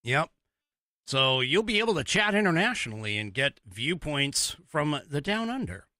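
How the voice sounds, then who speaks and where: A man's voice: a little high, animated, normal speed, pushed and bright, dry recording, clean studio sound. A man from the United States hosting a live podcast, talking in a rambling, chatty way with lots of fillers and restarts. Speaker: host. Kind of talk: live-stream podcast talk.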